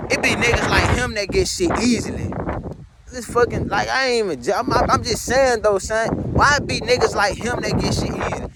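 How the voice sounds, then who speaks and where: High-voiced heartbroken young man venting. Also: heavy background noise. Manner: heartbroken, frustrated venting with heavy profanity. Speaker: vlogger. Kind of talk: emotional personal monologue.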